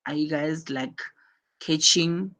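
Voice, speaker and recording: A woman's voice: deep voice, steady tone, takes it slowly, a bit bright. A woman teaching a live online English class over a video call, explaining patiently and working through repeated examples.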